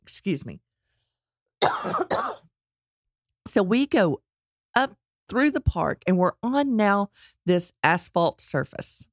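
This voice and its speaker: A middle-aged woman telling a personal story in a casual, animated way, acting out quotes and laughing along. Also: medium pitch, slow, pauses often, dry recording, clean studio sound.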